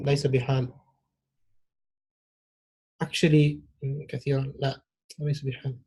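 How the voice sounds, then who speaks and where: A man's voice: medium pitch, mellow, slightly rough. A man teaching an Arabic grammar class, patiently repeating key phrases and praising his students. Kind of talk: classroom lesson.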